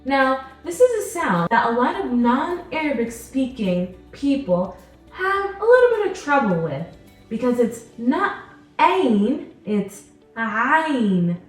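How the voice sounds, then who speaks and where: A woman teaches pronunciation at an unhurried pace, repeating each sound patiently. Her pitch rises and falls with animated variety. She sits back from the mic in a roomy space with faint music underneath. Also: distant mic. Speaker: Arabic teacher. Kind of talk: pronunciation lesson.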